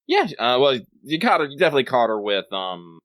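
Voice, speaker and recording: Relaxed laughing man, dry mic. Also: mid-range voice, fairly quick, no echo. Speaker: podcast co-host. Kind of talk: casual chat.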